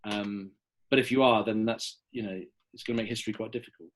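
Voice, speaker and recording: A man's voice: fairly low pitch, fairly even intonation, fast. A man answering history questions as a podcast guest, chatty and enthusiastic with loose restarts. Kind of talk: casual podcast Q&A.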